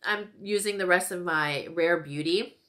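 A woman in her thirties chats to the camera as she does her makeup, her voice sitting a touch low. She rambles casually, packing in "like" and "you know" and laughing often. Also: a little slow, a bit bright. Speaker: beauty vlogger. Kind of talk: casual get-ready-with-me chat.

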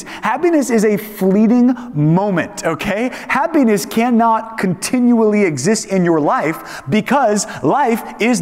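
A man teaching a young adults Bible study in a casual, conversational sermon style, animated and acting out quoted voices. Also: high voice. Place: church hall. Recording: echoey hall reverb.

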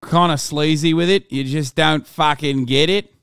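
A man's voice: fairly high pitch, fairly even intonation, moderate pace, a bit bright, clean tone, no echo, studio quality. A man streaming, giving loose, profane political commentary and reading chat aloud. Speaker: streamer reacting to news.

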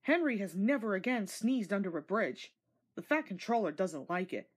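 A woman narrating a storybook read-along, gentle and expressive with a breathy voice. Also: medium pitch, moderate pace.

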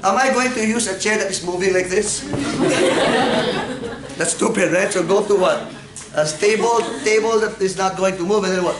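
A man's voice: high-pitched, moderate pace. A man lecturing on anatomy in a classroom, playfully quizzing his students and laughing often. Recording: echoey classroom from far off.

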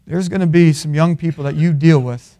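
A man with a high-pitched voice preaches a sermon in a college chapel. He moves between loud, emphatic peaks and low, quiet asides. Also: fairly even intonation, fairly quick.

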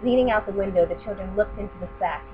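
A woman's voice: medium pitch, fast. Woman reading a picture book, tinny. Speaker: storyteller. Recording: tinny lo-fi with mains hum.

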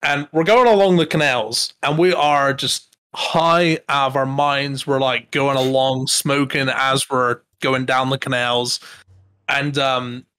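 A young man telling casual stories on a podcast, animated and laughing as he acts out what people said. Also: medium pitch, slow, smooth. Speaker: podcast co-host. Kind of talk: casual storytelling chat.

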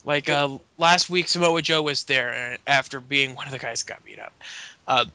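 A man's voice: medium pitch, steady tone, normal speed, pushed and bright, dry recording. A Canadian man co-hosting a podcast, rambling through a wrestling recap and acting out wrestlers' lines in voices. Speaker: podcast co-host. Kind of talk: casual chat, recapping wrestling.

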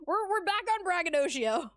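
A woman's voice: extremely high pitch, no echo. A young woman livestreaming, chatting casually with her viewers, giggling often and swearing lightly.

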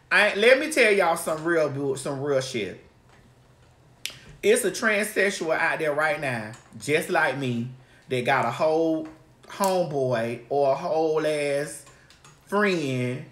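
A woman's voice: sits low, expressive, slow, a bit bright. Brash, profane woman telling stories. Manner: brash, profane, rambling storyteller. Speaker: host. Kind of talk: casual chat. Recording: roomy echo.

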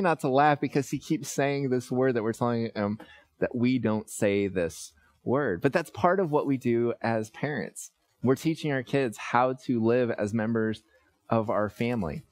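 Pastor, male, 30s, relaxed storytelling sermon, mid pitch, lots of "uh"s. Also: normal speed, dry recording. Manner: conversational, storytelling with many fillers.

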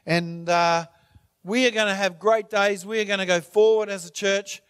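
A man's voice: high voice, steady tone, moderate pace, fairly bright tone, clean tone. A man pastor introducing a preacher to his church, emphatic and rallying.

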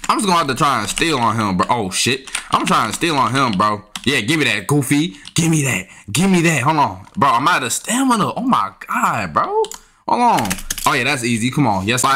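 Frustrated young gamer, lively swooping voice. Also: male voice, medium pitch, a little hiss or hum. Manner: frustrated, trash-talking, yelps up when annoyed. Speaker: gaming YouTuber. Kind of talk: casual gameplay commentary. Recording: faint keyboard and mouse clicks.

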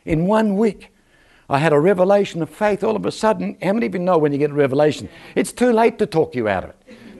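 An older man preaching a lively church sermon, joking and calling out for amens from the congregation. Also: high voice, quick pace, gravelly. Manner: animated, joking, calls for amens from the crowd. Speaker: guest preacher. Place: church service.

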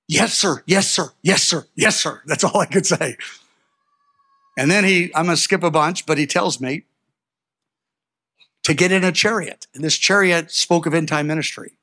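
An older man preaching a sermon, telling personal stories in an animated way, with sudden loud peaks. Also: fairly high pitch, normal speed.

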